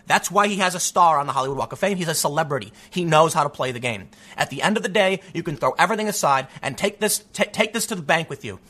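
A man hosting a show and delivering an opinionated monologue, emphatic, acting out quotes in the voices of others. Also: a little high. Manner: animated, emphatic, acts out quotes. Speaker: political commentator host.

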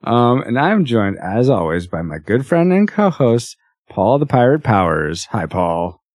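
A man's voice: medium pitch, sing-song, measured pace, a little mellow. A man hosting a podcast, chatting casually and laughing often. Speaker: podcast host.

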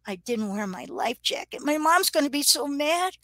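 A woman's voice: sits high, animated, moderate pace, fairly bright tone, dry recording, pitched above the performer's own voice. A woman voicing a frightened twelve-year-old girl who speaks in a small, murmuring voice.

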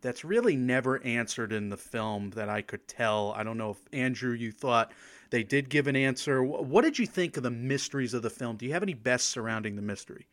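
A man's voice: mid-range voice, brisk, fairly bright tone. Male podcast co-host, average voice, loose and self-mocking, easy laughter. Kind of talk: casual podcast chat.

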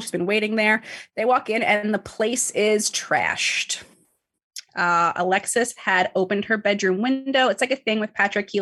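Casting: woman host, husky, mid-pitched, chatty and loose with fillers and profanity. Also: fairly bright tone. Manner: chatty, filler-heavy, swears freely. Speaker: podcast host recapping a book. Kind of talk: casual chat.

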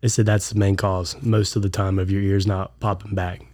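A man's voice: low-pitched, level tone, normal speed, a little mellow. A man chats on a podcast. His voice sounds stuffed up and congested from a clogged ear. He tells stories loosely and acts out the lines of people he quotes. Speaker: podcast co-host. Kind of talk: casual chat.

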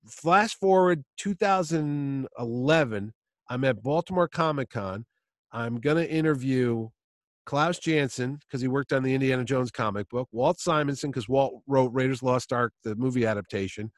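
A man who works as a comic artist, telling a story in a casual, animated way and acting out other people's voices. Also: medium pitch, normal speed, no room sound.

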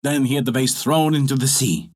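A man's voice: medium pitch, steady tone, a little mellow, breathy edge, natural voice. A man voicing a haughty, vengeful giant genie. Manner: haughty, commanding, deliberate.

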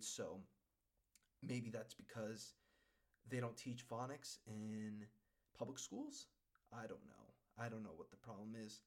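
A man from Western Massachusetts hosting his own podcast, rambling and worked up, tagging his points with "okay?". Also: medium pitch. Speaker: podcast host. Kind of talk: casual solo podcast chat.

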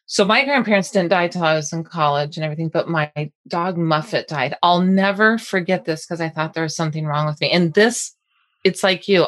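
A middle-aged woman co-hosting a podcast, telling a personal story in casual, rambling chat with many restarts. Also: fairly low pitch. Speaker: podcast co-host.

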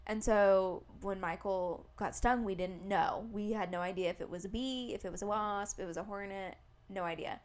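A woman's voice: medium pitch, moderate pace, hardly any pauses. Chatty young woman telling a story. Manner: animated storytelling, acts out quotes, many "like"s. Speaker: podcast co-host. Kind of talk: casual chat.

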